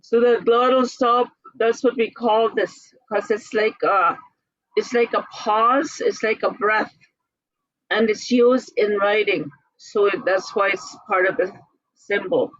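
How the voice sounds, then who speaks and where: Slow, patient woman teaching pronunciation. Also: mid-range voice, steady tone, no room sound, lo-fi sound. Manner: breaks words into syllables and repeats them slowly. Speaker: language teacher. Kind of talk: slow, patient classroom instruction.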